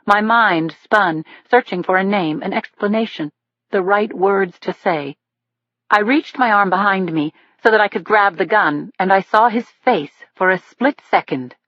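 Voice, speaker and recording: A woman narrating a thriller audiobook in the first person, in a steady storytelling manner. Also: medium pitch, unhurried, no room sound. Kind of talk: scripted narration. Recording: dull lo-fi dry recording.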